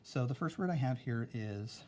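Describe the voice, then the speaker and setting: A man's voice: mid-range voice, lively intonation, normal speed, mellow, slight background noise. A young man teaching a recorded spelling lesson, patient and careful, often checking in with "okay?".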